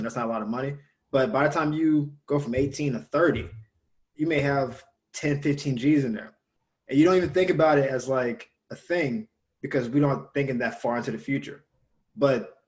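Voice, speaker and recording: A man's voice: medium pitch, fairly quick. Man telling a casual story. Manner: storytelling, animated when quoting others. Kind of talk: casual conversation.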